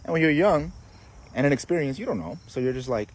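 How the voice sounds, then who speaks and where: A married man answering a viewer comment in a sarcastic, animated way. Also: a little high, quick pace. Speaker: married vlogger. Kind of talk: response video to a comment.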